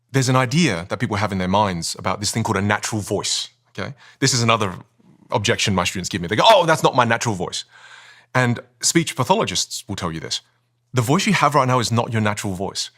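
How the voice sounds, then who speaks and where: Animated man coaching on voice. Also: on the low side, fast. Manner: energetic, emphatic, keeps asking rhetorical questions. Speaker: communication and voice coach, podcast guest. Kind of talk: animated explaining in a podcast interview.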